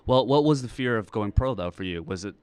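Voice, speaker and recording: A man's voice: fairly low pitch, lively intonation, brisk, clean tone. A man hosting an interview podcast, asking eager, rambling questions. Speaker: podcast host.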